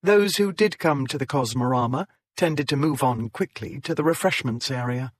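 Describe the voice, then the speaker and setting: A man reading a historical romance audiobook in a measured storytelling voice, raising his pitch to voice the characters. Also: no echo. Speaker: audiobook narrator. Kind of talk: scripted narration.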